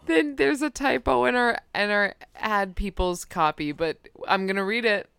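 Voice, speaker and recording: A woman's voice: mid-range voice, moderate pace, gravelly, a bit bright, clean tone, no echo. A young woman co-hosting a comedy podcast, reading a mock sponsor ad in a casual way. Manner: reading a mock ad, breaking into laughter. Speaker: podcast co-host. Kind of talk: comedic ad read, casual chat.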